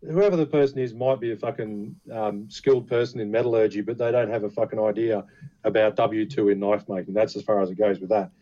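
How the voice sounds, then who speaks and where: A man's voice: on the low side, steady tone, a little fast, warm tone. A man talking casually as a podcast co-host about knife making, blunt and swearing freely. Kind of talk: casual chat. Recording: dull lo-fi sound.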